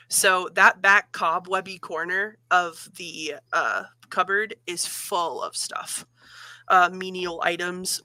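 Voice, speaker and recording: A woman's voice: lowish voice, dry recording, rough recording. Woman player describing her character. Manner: detailed, relaxed descriptions.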